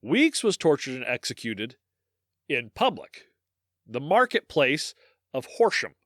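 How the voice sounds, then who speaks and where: A man's voice: medium pitch, big pitch swings, a little slow, a bit bright, dry recording, clean studio sound. A man co-hosting a podcast, reading history aloud and breaking off into profane, joking asides. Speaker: podcast co-host.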